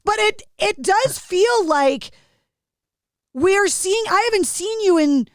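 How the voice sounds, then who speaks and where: A woman's voice: extremely high pitch, expressive, takes it slowly, no echo, clean studio sound. A middle-aged woman hosting a podcast in casual, effusive interview chat. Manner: chatty and effusive. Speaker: podcast host.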